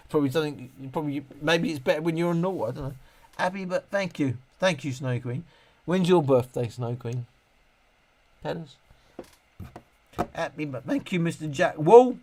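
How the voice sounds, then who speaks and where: In a slightly high voice with a darkish tone, a man reviews speakers on a casual livestream, rambling, joking, and moaning with lots of laughs and swearing.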